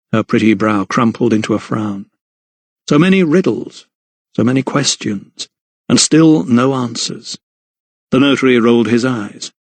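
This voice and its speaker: A male audiobook narrator reading a novel in a measured, even storytelling manner. His voice sits at a middle pitch for a man, recorded dry and close with no room sound. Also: no room sound. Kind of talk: scripted narration.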